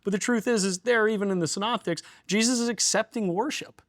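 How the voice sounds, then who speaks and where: A man's voice: high-pitched, brisk. Man checking in with "right?". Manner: animated, often adds "right?" and "you know". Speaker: apologetics ministry co-host. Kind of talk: casual theological discussion.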